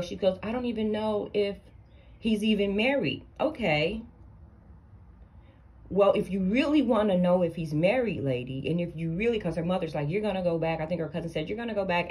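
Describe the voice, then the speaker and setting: A woman with a lowish voice and tells a story to camera. She is blunt and sassy, and she lectures the people in the story as if they were in front of her. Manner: animated, blunt, sassy, addresses people directly. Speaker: storytime vlogger. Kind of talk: casual storytime commentary.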